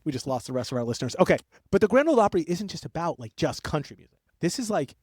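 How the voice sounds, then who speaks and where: A young man co-hosting a podcast, telling a history story in an excitable, rambling way that keeps breaking off and jumping between tangents. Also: on the high side, racing, no echo, clean studio sound. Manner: excitable, rambling, self-interrupting. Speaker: podcast co-host. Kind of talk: casual storytelling chat.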